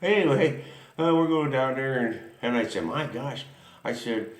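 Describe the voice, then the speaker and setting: A man's voice: mid-range voice, animated, normal speed, echoey room. A man hosting a racing history show, rambling through a folksy story with lots of chuckles and asides.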